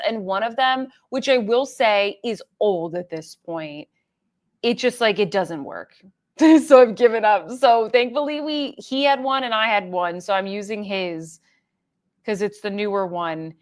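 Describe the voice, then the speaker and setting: A young adult woman hosting a casual livestream, chatting loosely and reading viewer comments aloud with plenty of fillers. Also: mid-range voice. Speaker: livestream host.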